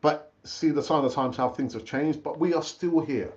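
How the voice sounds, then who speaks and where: Middle-aged male stream host, fairly high voice, dull lo-fi sound, loose repetitive chat. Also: normal speed. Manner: chatty, repeats himself, calls viewers brother. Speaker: football fan channel host. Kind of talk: casual live stream chat.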